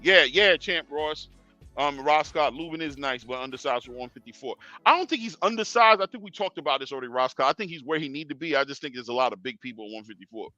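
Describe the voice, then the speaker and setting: A man's voice: a little high, lively intonation, fast, bright, forceful tone, no echo, dull audio, soft background music. A young man hosting a boxing talk stream in casual street slang, lecturing fighters directly and chuckling. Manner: slangy, talks straight to fighters, chuckling asides. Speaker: boxing show host.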